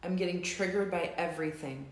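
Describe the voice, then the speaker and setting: A woman coaching a live tapping session, saying slow, repeated affirmations for viewers to echo. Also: on the low side. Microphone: live stream recording.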